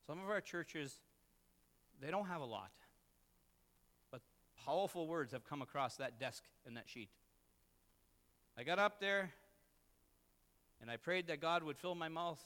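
Earnest pastor in a reverberant church. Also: male voice, a little high, pushed and bright. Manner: storytelling, earnest and self-deprecating. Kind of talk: sermon.

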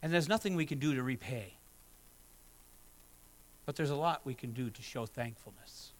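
Male pastor, middle-aged, earnest sermon, conversational preaching, mid-pitched voice. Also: moderate pace, pauses often, low-quality recording.

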